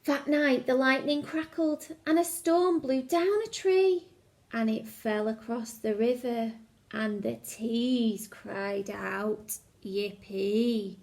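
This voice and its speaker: A woman teacher reads a children's picture book aloud in a high voice. She takes her time and reads expressively, sometimes pausing to ask the children questions. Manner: expressive, asks the listeners questions.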